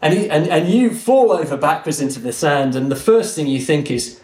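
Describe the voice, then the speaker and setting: A man guest on a podcast, telling a story in an earnest, animated way. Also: fairly high pitch, normal speed, hardly any pauses. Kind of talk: conversational storytelling. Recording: roomy echo.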